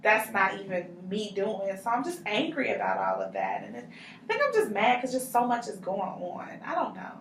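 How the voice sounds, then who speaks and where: Frustrated young woman, halting talk. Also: medium pitch, huge pitch swings, a bit bright. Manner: frustrated, halting, many fillers. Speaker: counseling client in a practice session. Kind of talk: counseling role-play. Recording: roomy, mic from far off, faint noise.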